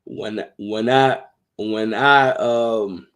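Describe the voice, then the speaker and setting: Man, live stream host, casual chat, animated, talkative. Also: fairly low pitch, very slow.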